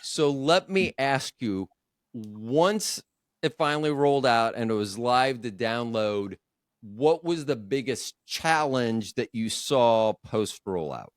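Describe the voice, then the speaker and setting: A man's voice: mid-range voice, expressive, slow, dry recording, clean studio sound. A man hosting a casual podcast chat, rambling and joking at his own expense. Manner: joking, rambling, self-deprecating. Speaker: podcast host.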